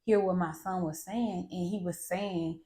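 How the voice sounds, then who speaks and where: A woman hosting a podcast, talking candidly and bluntly about parenting, swearing freely in a lively, animated way. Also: lowish voice, measured pace. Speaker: podcast host. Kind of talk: candid monologue.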